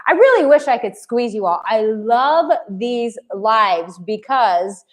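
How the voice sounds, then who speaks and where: A woman in her late thirties, a dating coach, talks on a live stream from her home in Bali, reading viewers' comments aloud. She's blunt and effusive, with a slightly high, sing-song voice and a slow pace.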